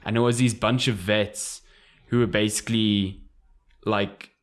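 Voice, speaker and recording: A man co-hosting a casual gaming podcast, rambling and quick to joke. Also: on the low side, level tone. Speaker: podcast co-host.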